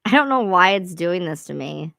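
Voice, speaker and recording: A woman's voice: lowish voice, lively intonation, normal speed, vocal fry, sharp tone, no echo. A woman hosting a casual livestream, rambling and swearing freely as she chats to viewers. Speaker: livestream host.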